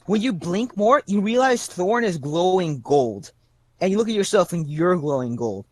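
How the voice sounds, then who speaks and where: A young man narrating as game master of a tabletop game, halting with restarts as he describes the scene. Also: sits high, lively intonation, no echo. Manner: halting, many restarts and fillers.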